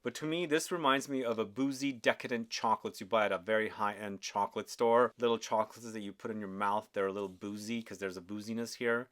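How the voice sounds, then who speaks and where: A man's voice: lowish voice, steady tone, fast talker, few pauses, fairly bright tone. A man hosting a casual perfume review, talking with enthusiasm and often asking viewers questions. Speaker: fragrance reviewer.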